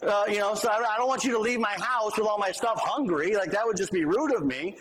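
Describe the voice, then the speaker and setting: A male pastor preaches in a relaxed, conversational way. His voice sits fairly high, and he shifts into lively, humorous asides. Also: fast talker, a crowd in the background, low-quality recording. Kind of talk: sermon.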